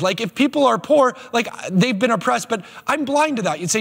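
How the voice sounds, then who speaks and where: A man preaching a sermon as pastor, animated and emphatic, with quick asides. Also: very high voice, creaky, husky. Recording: long hall reverb.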